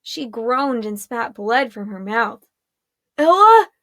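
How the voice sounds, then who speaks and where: A woman narrating a chapter of a fantasy story in a steady storytelling manner. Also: fairly high pitch, slow, no echo, clean studio sound. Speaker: audiobook narrator. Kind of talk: scripted narration.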